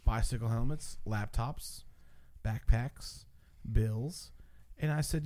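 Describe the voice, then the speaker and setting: Casting: man, mellow dark voice, animated profane storyteller among friends. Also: mid-range voice, slow pace. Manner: animated, profane, acts out quotes. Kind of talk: casual storytelling.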